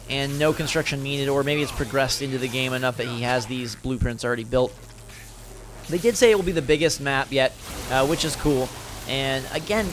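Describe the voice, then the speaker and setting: A man's voice: mid-range voice, background noise. Casual man commenting over gameplay. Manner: casual, enthusiastic rambling with fillers. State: tired, late at night. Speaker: gaming video host.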